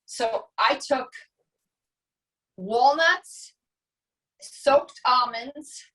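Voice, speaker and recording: A woman's voice: sits high, extremely slow, a bit bright, far from the mic, low-quality recording. A middle-aged woman chatting casually as a guest while she shows how she makes a dish, explaining step by step with many asides. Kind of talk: casual cooking demo chat.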